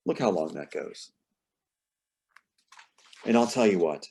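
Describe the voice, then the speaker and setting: A man's voice: low-pitched, lively intonation, takes it slowly, gravelly, a little mellow, slightly rough. A man in an interview, talking about his screenplay with passion, sometimes reading scenes aloud and getting emotional. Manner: passionate and emotional, voice rising sharply when indignant. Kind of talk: conversational interview, reading from a script.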